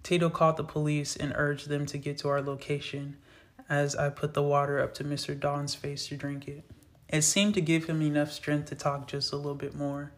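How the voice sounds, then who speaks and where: A man's voice: a little high, monotone, normal speed. A man reading his own novel aloud in an earnest, plain storytelling voice. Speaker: author reading his book. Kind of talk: storytelling narration.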